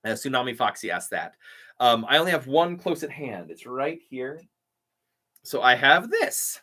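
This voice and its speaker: A man who does voiceover work hosts a relaxed live stream and answers comments one after another. He sounds eager and thankful. His voice has a bright, forceful edge and sits in an average pitch range. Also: normal speed. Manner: enthusiastic, chatty, grateful. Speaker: voiceover artist and YouTuber.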